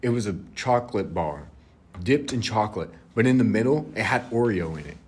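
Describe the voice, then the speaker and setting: A man's voice: on the low side, lively intonation, brisk, a little mellow. A young man co-hosting a casual chat, laid-back and rambling with frequent restarts. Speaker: co-host.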